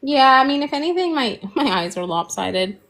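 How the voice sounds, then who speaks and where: Woman co-host, sick and losing her voice, gravelly and lively, easy giggly chat over painting. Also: high-pitched, moderate pace. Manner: chatty, giggly, easygoing. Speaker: co-host of a live painting stream. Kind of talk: casual chat while painting.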